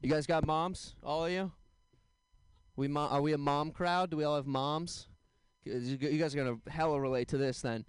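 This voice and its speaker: A young man doing a stand-up set, telling deadpan one-liners with quick asides to the crowd. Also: a little high, clean tone, dry recording. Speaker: stand-up comedian. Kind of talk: stand-up set at an open mic.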